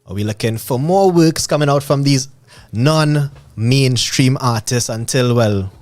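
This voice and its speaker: A man's voice: medium pitch, unhurried, darkish tone. A man with a Trinidadian accent hosting a live music radio show, with easy, slangy patter between tracks.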